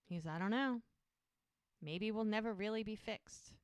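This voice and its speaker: Woman recapping scenes in a smooth voice. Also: medium pitch, normal speed, dry recording, studio quality. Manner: retells scenes with quoted lines, lively. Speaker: podcast co-host. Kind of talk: casual recap chat.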